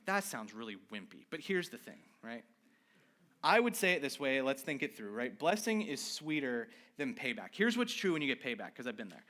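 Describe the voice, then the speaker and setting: A male pastor giving an informal, conversational sermon, animated and candid about his own failings, often checking in with "right?". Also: a little high.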